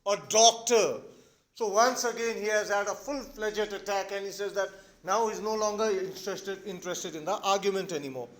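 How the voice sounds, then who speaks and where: A man's voice: high voice, fairly quick, a bit bright. A man with an Indian English accent, an English teacher explaining a play to students and checking in with "all right?".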